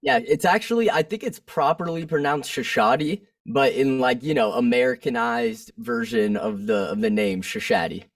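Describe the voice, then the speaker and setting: A man from Florida, a musician and producer, chatting easily as a guest, with a relaxed, filler-heavy manner. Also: medium pitch, moderate pace, few pauses, no echo, clean studio sound, recorded from a distance. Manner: relaxed, easygoing, full of fillers. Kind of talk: casual interview chat.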